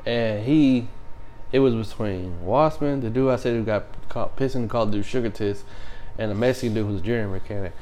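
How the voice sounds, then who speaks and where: A man's voice: on the low side, fairly quick, mellow, slight background noise. A man telling army stories in casual chat, swearing freely and laughing as he talks. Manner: profane, laughs through his stories.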